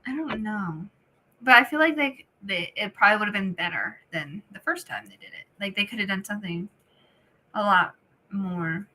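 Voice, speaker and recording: Bright-voiced young woman, hedging casually. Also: medium pitch, moderate pace. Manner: hedging, laid-back, full of "like" and "I feel like". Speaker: podcast guest. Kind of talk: casual chat.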